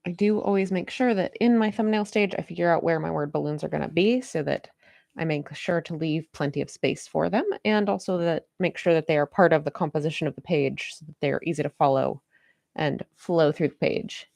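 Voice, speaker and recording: A young woman with a somewhat low voice talks easily to her live-stream audience while she works on a drawing. Her tone is relaxed and chatty, and she breaks off to greet viewers by name. The sound is dry, with no room echo. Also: brisk, vocal fry. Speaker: comic artist streaming a drawing session.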